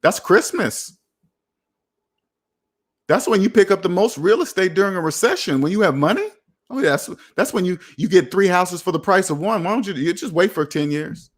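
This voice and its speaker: An emphatic man hosts a personal finance show. He reacts to viewer comments in a preachy way and breaks into sudden excited whoops. His voice sits a little high for a man. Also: moderate pace.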